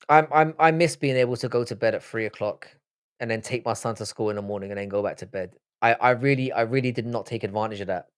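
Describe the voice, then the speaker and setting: A man's voice: medium pitch, clean tone. Tired man chatting on stream. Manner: swears freely, rambling with restarts. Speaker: livestream host. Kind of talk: casual live-stream chat.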